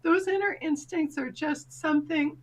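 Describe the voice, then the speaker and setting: Brief: middle-aged woman coach, high bright voice, animated anecdotes with acted-out voices. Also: normal speed. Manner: animated, acts out quoted voices. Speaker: guest confidence coach. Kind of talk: storytelling in a casual interview.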